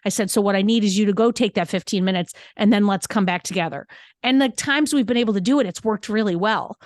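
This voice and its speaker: A middle-aged woman guesting on a podcast, telling a personal story with lively reenacted dialogue. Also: mid-range voice, fast talker, dry recording. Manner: animated, quotes herself and her son in dialogue. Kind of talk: candid conversational storytelling.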